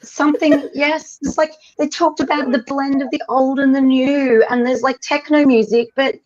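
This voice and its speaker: A woman's voice: high-pitched, steady tone, moderate pace, hardly any pauses, darkish tone. A middle-aged woman chatting casually as a podcast guest, gushing and repeating words for emphasis over a video call. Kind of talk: casual chat. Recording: dull lo-fi call audio.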